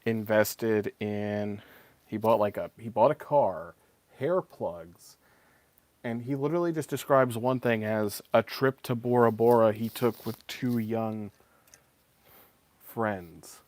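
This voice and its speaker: A man's voice: on the low side, a little mellow, dry recording. A man in his thirties chatting casually and rambling while he paints on a live stream. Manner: rambling and conversational, many fillers. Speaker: streamer and voice actor.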